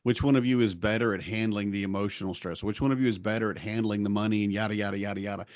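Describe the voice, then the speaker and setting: A man in his forties hosting a podcast in casual chat, animated and acting out quotes. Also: on the low side, very fast, dry recording, clean studio sound. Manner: animated, acts out quoted voices. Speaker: podcast host, stay-at-home dad.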